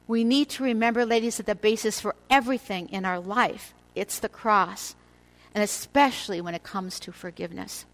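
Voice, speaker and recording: An older woman gives a devotional teaching to an audience of women, speaking at a middle pitch in a measured, earnest way. She slows on key words for emphasis, and the recording quality is low.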